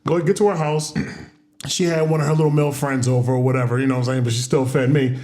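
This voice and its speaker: A man telling a story in a laid-back, drawn-out way, full of slang, on a casual podcast. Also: mid-range voice, steady tone, a little mellow.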